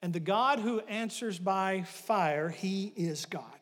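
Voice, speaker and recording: A male pastor preaching a sermon, retelling a story with animated swings from loud bursts to hushed asides. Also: sits high, slow, in a large hall.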